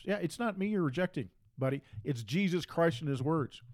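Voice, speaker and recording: Male preacher, insistent and repetitive, sits a bit high in his range. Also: lively intonation, fairly quick, hardly any pauses, a little mellow. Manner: emphatic and repetitive, hammering phrases. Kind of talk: preaching monologue.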